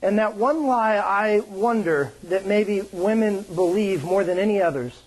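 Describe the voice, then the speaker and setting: A male pastor preaching a sermon, with joking, animated storytelling and playful put-on voices. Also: high voice, unhurried, rough recording.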